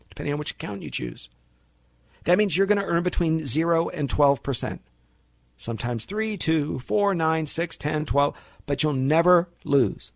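A man's voice: on the high side, creaky, no room sound. A man hosting a financial radio talk show, talking animatedly and acting out little dialogues between clients and brokers.

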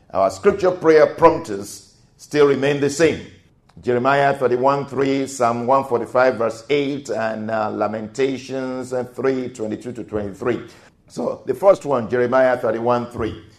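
Man preaching slowly in an echoey room. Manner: slow, swelling preaching with repeated phrases, rising to near-shouts and dropping low. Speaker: pastor. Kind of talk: sermon with prayer.

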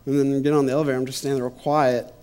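Speaking rapid-fire in a medium-pitched, darkish, clean voice with little pitch movement, a man recounts his personal testimony in a relaxed, chatty way. He laughs frequently and keeps saying "you know," slipping into preacherly repetition on points of faith.

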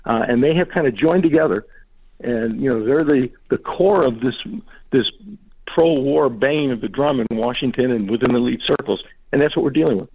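A man's voice: medium pitch, darkish tone, dry recording. A man speaking as a guest on a radio talk show, answering in an emphatic, indignant way. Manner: emphatic, indignant, quick asides. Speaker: political guest. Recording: tinny phone line.

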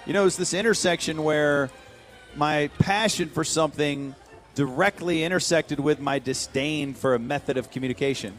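A man hosts a radio show and tells a story in an animated, chatty way. His voice sits a little high, and faint music plays under the talk. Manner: animated storyteller, laughs often. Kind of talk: casual radio banter.

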